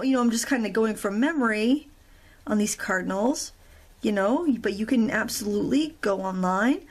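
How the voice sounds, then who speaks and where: A woman's voice: mid-range voice, gravelly, husky. A middle-aged woman hosting a real-time coloring tutorial at a craft table, chatty and rambling, with self-deprecating asides.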